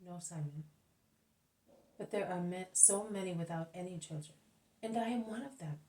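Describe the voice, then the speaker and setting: A woman voicing Jesus as a gentle, kindly male teacher in a spoken religious audiobook, with soft, measured speech. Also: fairly low pitch, recorded from a distance, close to an everyday voice. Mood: tender. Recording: echoey room, voice off-mic.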